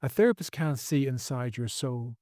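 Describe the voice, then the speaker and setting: A man's voice: medium pitch, expressive, moderate pace, warm tone, no echo, studio quality. A man speaking as a podcast guest, earnest and preachy, repeating phrases for emphasis. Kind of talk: podcast interview.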